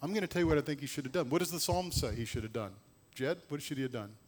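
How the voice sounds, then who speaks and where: A man preaching a sermon, swinging between loud emphasis and low, hushed passages. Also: fast. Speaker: pastor.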